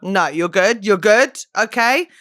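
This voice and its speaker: A woman's voice: mid-range voice, animated, measured pace, fairly bright tone, dry recording, studio quality. A young English woman hosting a podcast, chatting and telling stories in a self-mocking way, a little hungover. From England. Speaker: podcast host. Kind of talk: casual chat.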